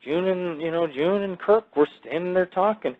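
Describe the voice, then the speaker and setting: A man's voice: high-pitched, moderate pace. A man hosting a podcast, telling crude stories in a boastful, profane, rambling way full of fillers. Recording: dull lo-fi audio.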